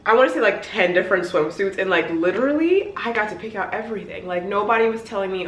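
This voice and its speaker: A young woman vlogger telling an excited story in casual chat, peppering her talk with "like". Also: fairly low pitch, quick pace, few pauses, roomy sound, slight background noise. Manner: gushing, excitable, heavy on "like". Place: hotel room.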